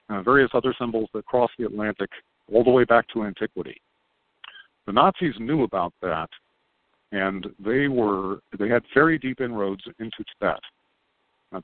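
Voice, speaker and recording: A man on a podcast as a guest, talking in a calm, unhurried, explaining way. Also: lowish voice, no room sound. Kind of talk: casual podcast conversation. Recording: tinny phone-line sound, dry.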